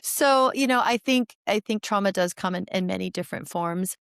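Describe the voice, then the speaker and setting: A woman in her forties, a therapist talking as a podcast guest, explaining with animated energy and frequent restarts. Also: medium pitch, moderate pace, gravelly, smooth, no room sound, clean studio sound. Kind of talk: podcast interview conversation.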